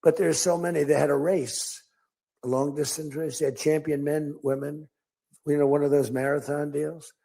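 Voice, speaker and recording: An older man giving a political speech strays from any script, telling stories to the crowd and acting out quotes in assorted voices. He speaks at normal speed in a level tone, his slightly high voice warm and touched with vocal fry.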